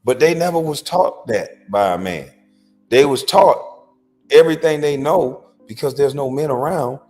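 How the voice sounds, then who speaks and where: A man delivers a blunt opinion monologue at a mid-range pitch, lecturing with emphatic, slangy speech. Faint music plays underneath. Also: a little mellow. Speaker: commentary host.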